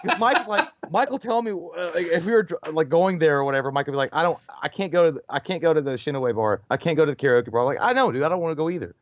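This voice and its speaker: A man's voice: a little high, rapid-fire, few pauses, muffled recording, slight background noise. A man co-hosting a casual movie podcast, telling rambling stories full of restarts and acted-out quotes, often laughing. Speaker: co-host of a movie channel.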